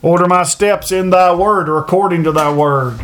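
A male preacher giving a sermon, earnest, repeating phrases for emphasis and slowing down to read verses aloud. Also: high-pitched, a bit bright. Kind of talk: sermon on a Bible passage.

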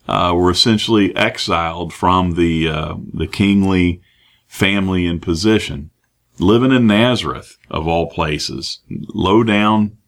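A man preaching a sermon, reading scripture and explaining it with many pauses, fillers and restarts. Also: low-pitched, fairly bright tone. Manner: halting, many fillers and restarts, acts out quoted voices.

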